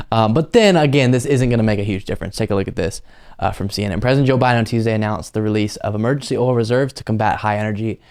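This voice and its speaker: A man's voice: lowish voice, a little mellow. A man hosting a political commentary show, talking casually and with open opinions between news clips. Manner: conversational, opinionated, frequent um fillers.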